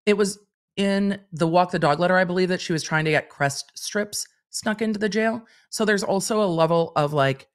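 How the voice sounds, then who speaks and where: A woman's voice: lowish voice, moderate pace. A woman hosting a livestream, reading court documents aloud and commenting on them in a chatty, wry way. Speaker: legal commentator host.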